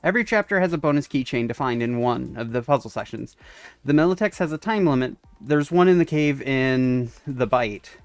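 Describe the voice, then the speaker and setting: A man's voice: mid-range voice, animated, brisk, dry recording. Man reading game dialogue aloud, dry mic. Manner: reads game text aloud, chuckles often. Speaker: let's-play streamer. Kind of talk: casual gameplay commentary, reading dialogue aloud. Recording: dry close mic, faint game music.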